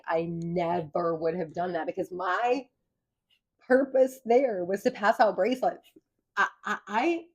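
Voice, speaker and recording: A woman giving an earnest, animated account of her arrest during a conversation. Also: medium pitch. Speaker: guest recounting an arrest.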